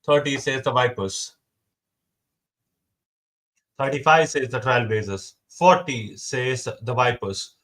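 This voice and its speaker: At a middle pitch for a man and a bit bright, a young man leads a casual mock auction. He echoes the current bid again and again, calls out each side by name, and counts down quickly ahead of every sale.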